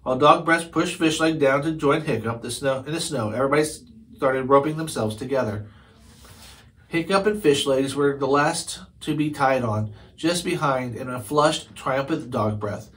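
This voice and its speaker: A man reads a chapter book aloud in an ordinary middle-pitched voice. He stumbles over words here and there and goes back to correct himself as he reads. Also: normal speed, fairly bright tone, rough recording. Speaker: storybook reader.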